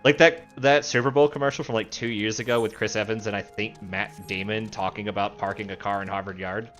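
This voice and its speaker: A man's voice: lowish voice, steady tone, fairly quick, a bit bright, soft background music. A man streaming a video game, rambling casually, swearing and mocking himself as he plays. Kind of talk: casual live game commentary.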